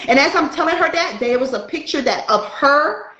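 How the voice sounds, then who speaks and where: A woman's voice: high-pitched, brisk, echoey room, poor audio. A woman, a spiritual light worker, telling a story in casual chat and acting out the dialogue. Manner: animated, acts out dialogue in her story.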